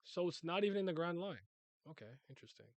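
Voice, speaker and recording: A man's voice: on the high side, lively intonation, fast, no room sound. Casual young man reacting to manga. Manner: casual, joking, rambling, swears.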